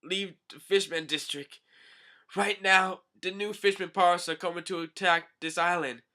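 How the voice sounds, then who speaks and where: A man's voice: high voice, steady tone, normal speed, pushed and bright, pitched above the performer's own voice. A man voicing a wounded but kind fishman who urgently warns his friends, while reading a comic aloud. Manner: urgent warning. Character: kind, worried male octopus fishman.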